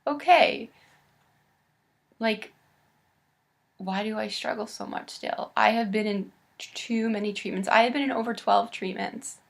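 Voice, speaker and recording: A woman in her late twenties speaking in a halting, candid confessional vlog, close to tears. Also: medium pitch, vocal fry. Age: late 20s. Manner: halting and candid, with pauses and restarts. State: on the verge of tears. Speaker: vlogger.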